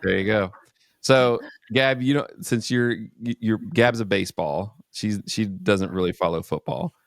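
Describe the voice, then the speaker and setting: A man's voice: lowish voice, unhurried, vocal fry, no echo, clean studio sound. A man hosting a podcast in casual chat, joking and loose with many fillers. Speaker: podcast host.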